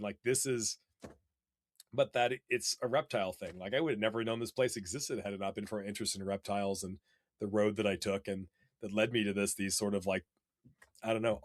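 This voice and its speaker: A man telling casual stories as a podcast guest, animated and rambling, with many fillers. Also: lowish voice, no room sound. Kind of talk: casual storytelling.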